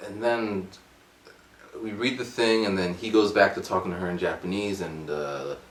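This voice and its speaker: A man in his forties telling a rambling, animated story at home. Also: low-pitched, normal speed, roomy sound. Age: 40s. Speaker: vlogger. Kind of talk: casual storytelling vlog.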